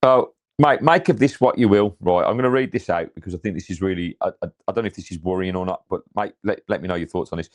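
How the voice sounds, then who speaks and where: A man talks football on a fan podcast. He swears freely and restarts his sentences, getting animated as he rants. It is casual, unscripted chat. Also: low-pitched, quick pace, few pauses. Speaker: podcast co-host.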